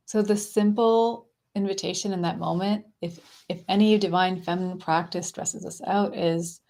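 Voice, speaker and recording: Woman doing a spiritual live, gushy and affectionate, soft dreamy talk. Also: mid-range voice. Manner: gushing, affectionate and effusive. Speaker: spiritual coach hosting a live stream. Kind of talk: casual live stream talk to viewers.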